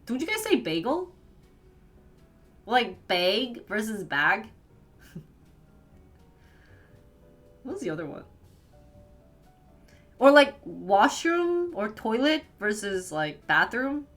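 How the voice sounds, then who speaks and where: A woman's voice: fairly high pitch, big pitch swings, slow pace, long pauses, soft background music. A young woman streamer from the northern United States, chatting casually with her viewers, giggly and full of "like". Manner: chatty, giggly, fills talk with "like". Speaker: live streamer. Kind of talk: casual chat with live viewers.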